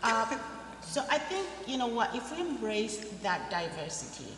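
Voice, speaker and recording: A woman's voice: a little high, sing-song, normal speed, a bit bright. Laughing immigrant woman in an echoey hall. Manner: upbeat, laughs often. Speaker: immigrant panelist. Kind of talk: panel discussion answer. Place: church hall. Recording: echoey hall with background noise.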